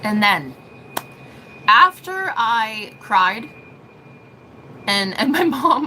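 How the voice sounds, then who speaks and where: A woman speaking as a spiritual reader in a casual vlog monologue, profane and dramatic, laughing often and rushing in bursts. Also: fairly high pitch, sing-song, bright, forceful tone, a little hiss or hum, low-quality recording.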